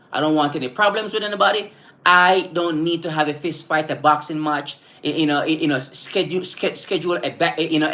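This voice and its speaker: A man's voice: on the high side, fairly bright tone. Earnest man giving a motivational live stream. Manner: earnest, repeats and restarts words while thinking; breaks off to greet live viewers.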